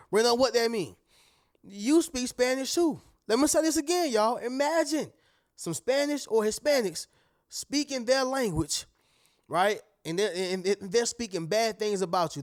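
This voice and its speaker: A man, hosting a casual motivational talk, animated and repeating his points, often checking in with "right?". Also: high-pitched. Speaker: host.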